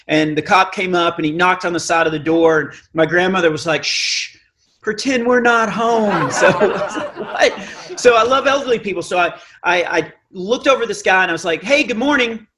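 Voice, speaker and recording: A middle-aged man with a naturally high voice telling a self-mocking comic story on stage, acting out the dialogue. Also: a little fast, background noise. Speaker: Christian comedian. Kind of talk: stand-up storytelling. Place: live event stage.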